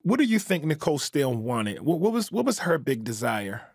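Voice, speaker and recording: A man hosting a podcast interview, asking probing questions in a relaxed, joking, conversational way. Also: a little high, brisk, gravelly, husky, no room sound, clean studio sound. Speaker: podcast host.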